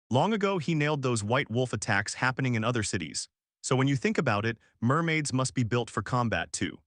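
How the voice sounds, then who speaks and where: Brief: male recap narrator, animated swings in pitch, dry close sound, slangy punchy delivery. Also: no echo. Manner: punchy, slangy retelling with quick restarts. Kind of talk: casual story recap narration.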